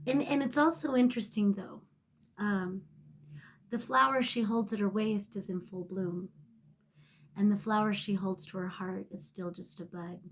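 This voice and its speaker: A woman's voice: medium pitch, fairly even intonation, normal speed, a little hiss or hum. Emotional, swearing woman tarot reader. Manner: emotional, rambling, swears freely, often drops to a soft near-whisper. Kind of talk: casual tarot reading to camera.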